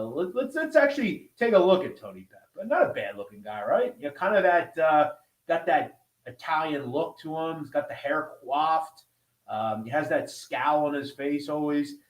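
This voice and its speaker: A man hosting a podcast, telling history in a casual, conversational way, swearing now and then and checking in with listeners as he goes. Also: a little high. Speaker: podcast host. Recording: roomy echo.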